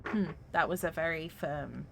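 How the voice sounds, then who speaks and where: A woman's voice: low voice, normal speed, vocal fry, background noise. A woman streaming a video game, talking through her choices in a playful, giggly way. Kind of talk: casual gaming commentary.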